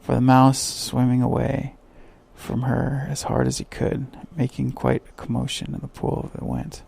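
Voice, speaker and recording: A man narrating a sleep story with slow, soft bedtime reading. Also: mid-range voice, level tone, creaky, husky.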